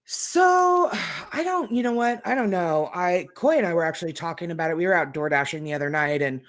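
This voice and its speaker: A woman's voice: on the low side, lively intonation, a little fast. A woman co-hosting a casual chat show, rambling and hedging with lots of fillers. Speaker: podcast co-host.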